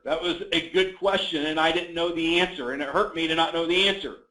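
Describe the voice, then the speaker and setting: A man's voice: on the high side, fairly quick, hardly any pauses. Man, sales coach, upbeat, lots of fillers, echoey room. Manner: energetic, enthusiastic, many fillers. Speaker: real estate coach. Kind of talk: coaching webinar.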